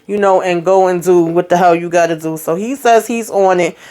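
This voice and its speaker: A woman's voice: fairly low pitch, steady tone, normal speed, warm tone. A woman hosting her own show, casually recapping a TV episode by retelling the characters' lines, with wry, sarcastic asides. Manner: chatty retelling full of quoted dialogue and asides.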